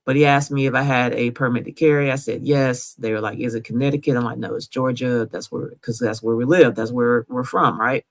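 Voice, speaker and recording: A woman's voice: a bass voice, fairly even intonation, brisk, hardly any pauses. A woman hosting her own show, telling her story in a conversational way and checking in with the listener as she goes. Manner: conversational, recounting events step by step with frequent "right?". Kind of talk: first-person storytelling over recorded audio.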